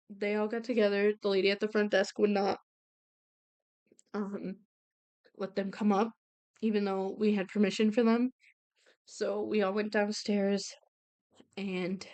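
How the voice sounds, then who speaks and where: A young woman speaks slowly and haltingly as she shares a personal story on her podcast. She stumbles through restarts and fillers, and her voice sometimes sounds close to tears. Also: medium pitch, darkish tone. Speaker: podcast host. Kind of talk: personal storytelling about grief.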